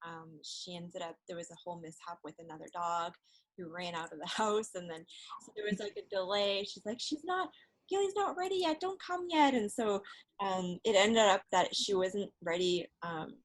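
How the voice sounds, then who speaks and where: A woman hosting a casual interview, speaking softly with many fillers and restarts. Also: fairly low pitch, fairly even intonation, normal speed, dry recording, low-quality recording. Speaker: host. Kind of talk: casual video-call interview chat.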